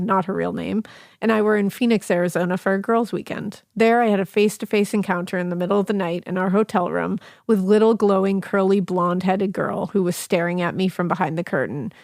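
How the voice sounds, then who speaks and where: A woman reads a listener's ghost letter aloud on a podcast, breaking off for laughing, cheeky asides and the odd swear. Her voice sits at a middle pitch. The sound is close and dry, with no room around it. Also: vocal fry, no echo. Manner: animated, laughing, swearing casually.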